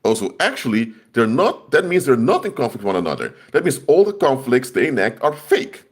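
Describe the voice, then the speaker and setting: A man's voice: mid-range voice, big pitch swings, brisk. A man preaching on a live stream in an impassioned way, hammering home points by repeating phrases. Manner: emphatic, repeats key phrases for force.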